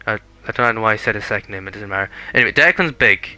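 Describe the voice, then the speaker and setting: A young man from Scotland chatting on a podcast, his tone very bright and forceful against a fairly low pitch. He rambles, restarts and corrects himself often. He sounds relaxed and conversational. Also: rapid-fire, poor audio. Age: young adult. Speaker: podcast co-host. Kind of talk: casual chat.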